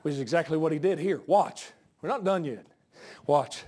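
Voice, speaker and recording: A male pastor preaching a sermon, out of breath, swinging from folksy asides to shouted peaks. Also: a little high, expressive, moderate pace. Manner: folksy, joking asides to the congregation.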